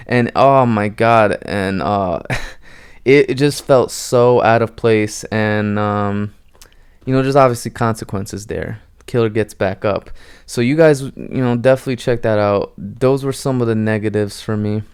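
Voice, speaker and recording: A man's voice: fairly low pitch, normal speed, darkish tone, clean tone. A young man giving a casual, rambling film review, full of fillers, who acts out lines from the movies as he goes.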